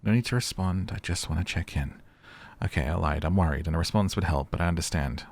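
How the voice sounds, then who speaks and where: A young man with a very deep voice plays through a story game. He reads the in-game messages out loud and breaks off into loose, casual remarks, full of "like". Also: quick pace. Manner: chatty, uses "like" a lot. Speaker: gaming YouTuber. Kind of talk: let's play commentary.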